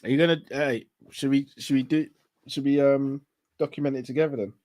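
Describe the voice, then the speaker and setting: A man's voice: mid-range voice, steady tone, a little fast, darkish tone. A man co-hosting a live stream, chatting in a laid-back way and laughing often. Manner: laid-back, laughs often, says bruv and innit a lot. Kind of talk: casual chat with viewers.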